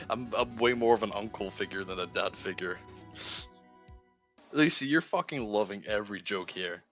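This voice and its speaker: A young man chats casually on a game stream, his fairly low voice carrying a bright, forceful edge. He tells rambling jokes, tripping over his words and swearing as he goes. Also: moderate pace, pauses often, soft background music. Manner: rambling joke-telling with stumbles and swearing.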